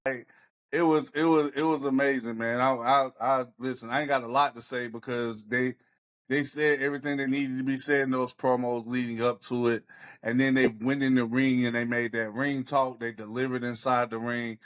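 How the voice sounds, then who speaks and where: A man's voice: medium pitch, fairly even intonation, normal speed, a bit bright. A man co-hosting a wrestling podcast, speaking in enthusiastic, slangy casual chat with repeated phrases. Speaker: podcast co-host.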